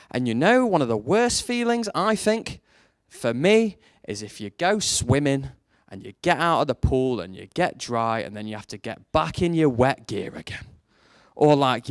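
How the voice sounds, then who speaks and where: A man preaching a sermon, telling a story and leaning on rhetorical questions, his voice jumping up high for emphasis. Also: clear, resonant tone, no echo, studio quality. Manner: storytelling, animated, rises sharply for emphasis.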